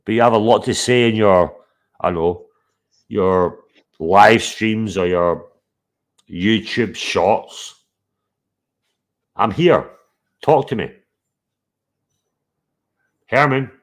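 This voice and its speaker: Male live-stream host, somewhat low pitch, blunt and confrontational, heavy swearing. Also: slow, long pauses. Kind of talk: heated live stream chat.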